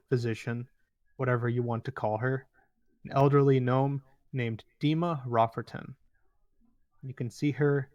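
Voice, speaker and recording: A man's voice: mid-range voice, dry recording. A young man narrating as game master in a loose, rambling way with many fillers.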